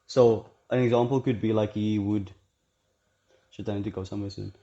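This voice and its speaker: A man's voice: fairly low pitch, steady tone, warm tone. A young man hosting his own self-help channel, talking in a blunt, profane, rambling way and often mimicking other people's voices. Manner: blunt, profane, rambling, quick shifts into mocking quoted voices. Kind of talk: casual monologue to camera. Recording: dull lo-fi recording.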